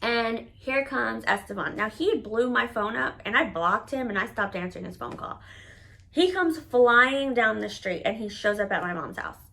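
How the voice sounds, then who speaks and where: A woman's voice: a little high, animated, normal speed, gravelly, sharp tone. A woman vlogger telling a personal story in a casual, candid monologue. She swears freely and fills her talk with "like.". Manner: candid and profane, with many "like" fillers.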